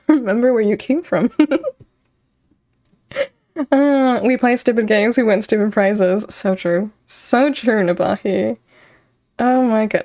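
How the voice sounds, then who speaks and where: A woman's voice: medium pitch, a little mellow. A young woman streaming, chatting casually with her viewers, rambling and breaking into giggles often. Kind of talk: casual chat with live chat.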